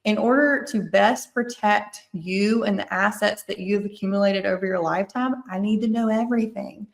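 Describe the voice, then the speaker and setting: A woman's voice: medium pitch, steady tone, normal speed, gravelly. A woman with a Mississippi accent, an attorney on a podcast, explaining estate planning in an earnest, thorough way and often restating her points.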